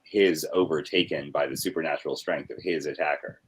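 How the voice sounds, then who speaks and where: A man reading comic script panel descriptions aloud in a flat read-through, breaking off for offhand critiques. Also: extremely low pitch, brisk, slightly rough.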